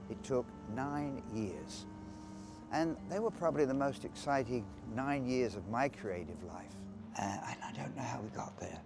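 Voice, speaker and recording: A man's voice: mid-range voice, normal speed, creaky, hardly any pauses, music in the background. A man from London recalling his working life in a documentary interview, reflective and candid.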